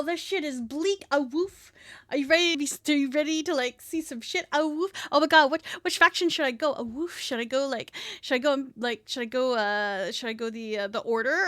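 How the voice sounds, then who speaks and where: A young woman streaming a game live, chatting casually and excitably, swearing and tacking on a playful "woof". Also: high voice, moderate pace.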